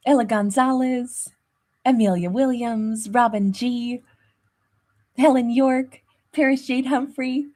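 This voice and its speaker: A woman's voice: a little high, steady tone, slow pace. A woman hosting a live tarot stream, greeting viewers by name in a chatty, affectionate way, often laughing. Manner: warm, chatty, laughs often, calls viewers babe and sweetheart. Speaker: tarot reader and channel host.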